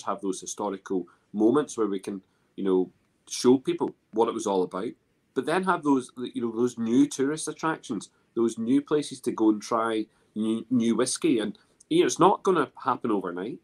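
A man with a Scottish accent chatting casually on a video call, rambling with many restarts and fillers. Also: on the low side. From Scotland. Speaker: guest. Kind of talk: casual chat.

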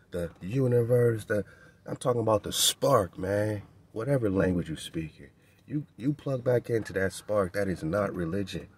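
Man, radio host, preaching-style monologue, street slang, fairly low voice, faint background noise. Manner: emphatic and repetitive, often ends phrases with "man"; loose street slang, chuckles between points.

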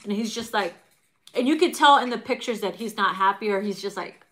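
A middle-aged woman giving a casual tarot reading to viewers, animated and profane, laughing often and acting out quotes. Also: medium pitch, brisk, slight background noise. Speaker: tarot reader.

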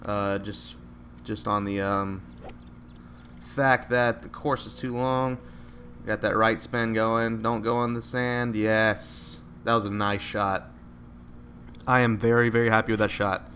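A man giving live, joking commentary over a video game, with excited outbursts at each shot. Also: lowish voice, slow pace, a little hiss or hum. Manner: excitable, joking, bursts out at shots. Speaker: gameplay commentator.

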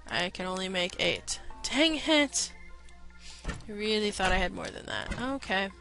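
A woman's voice: medium pitch, fairly even intonation, moderate pace, vocal fry. A woman giving casual gameplay commentary, chatting to herself and playfully telling off the game's enemies. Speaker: let's play gamer. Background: faint game music.

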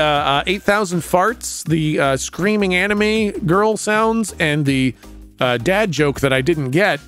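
Excitable swearing male game streamer. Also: fairly high pitch. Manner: excitable, profane, laughs often. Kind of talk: casual livestream commentary.

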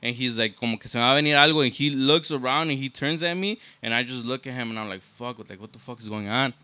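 A young man, retelling a story in lively casual talk and switching between Spanish and English. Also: mid-range voice, fast, dry recording. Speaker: podcast guest, band member.

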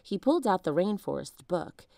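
Expressive woman reading a children's book. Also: fairly low pitch, moderate pace, vocal fry, no room sound, studio quality. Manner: expressive, varied storytelling. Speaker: storybook reader. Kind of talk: children's book read-aloud.

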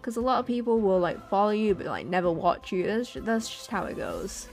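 A woman's voice: medium pitch, lively intonation, brisk, a little mellow, faint music behind. A woman streamer chatting casually while she draws, rambling along and swearing now and then.

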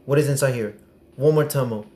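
A young man commentating a horror game as he plays, excitable and prone to sudden yelps and swearing. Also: medium pitch, brisk, reverberant, a little hiss or hum. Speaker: gaming streamer. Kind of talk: gameplay commentary.

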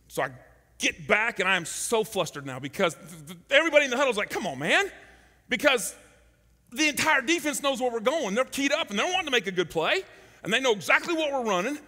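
A middle-aged man preaching a sermon, telling a story and acting out the shouted quotes. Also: sits high, long reverb tail. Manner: animated, acts out shouted quotes. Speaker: pastor. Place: large church hall.

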